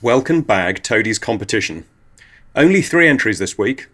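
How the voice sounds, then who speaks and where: A low-voiced man narrates surreal comic stories as if they were ordinary news. His delivery stays dry and matter-of-fact throughout. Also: lively intonation, moderate pace, a bit bright. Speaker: comedy podcast host. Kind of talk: absurdist comic monologue.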